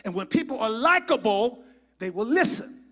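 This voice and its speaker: A man preaching a sermon as pastor, swinging from shouted, fervent passages to hushed, near-whispered asides. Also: very high-pitched, sing-song, moderate pace. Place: church sanctuary.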